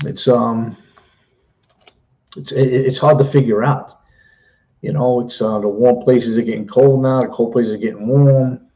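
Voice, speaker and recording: A man's voice: medium pitch, steady tone, a little slow, long pauses, warm tone, muffled recording. A middle-aged man chatting casually on a live stream, rambling and repeating himself as he talks.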